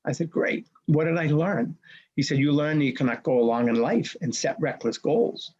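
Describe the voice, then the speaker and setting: Older guy in his 60s telling a story, husky voice, kinda muffled lo-fi sound, acts out all the back-and-forth. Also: fairly high pitch, moderate pace. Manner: punchy, animated retelling with quoted dialogue. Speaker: race director, guest. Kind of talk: dramatic personal storytelling.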